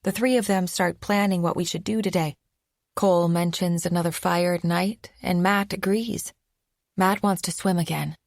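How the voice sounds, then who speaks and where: Low-voiced woman narrating a thriller. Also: steady tone, normal speed, dry recording, studio quality. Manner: tense, anxious inner monologue. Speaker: audiobook narrator. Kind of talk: first-person scripted narration.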